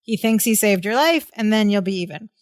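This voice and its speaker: A woman's voice: medium pitch, expressive, brisk, no room sound. A woman co-hosting a podcast, retelling sitcom scenes in casual chat and laughing often as she goes. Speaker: podcast co-host.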